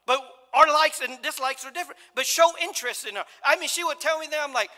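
Middle-aged male preacher, high bright voice, loose and joking, restarts often, heard in a reverberant church. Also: very animated, fast, few pauses. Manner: conversational, jokey, with many restarts and acted-out quotes. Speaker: pastor. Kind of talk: sermon. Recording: long hall reverb.

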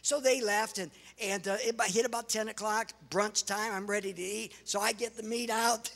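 A middle-aged American man, a pastor and missionary, telling lively stories with laughs and exclamations in a sermon to a congregation. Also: high-pitched, moderate pace, gravelly. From United States. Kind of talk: sermon storytelling with slides. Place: large church hall before a congregation. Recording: reverberant church hall.

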